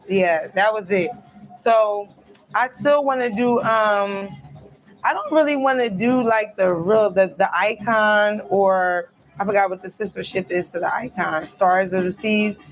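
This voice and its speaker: Chatty woman hosting a live stream. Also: mid-range voice. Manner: chatty, talks straight to viewers, loose storytelling. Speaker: live-stream host reading viewer comments. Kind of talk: casual live chat. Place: cruise ship cabin.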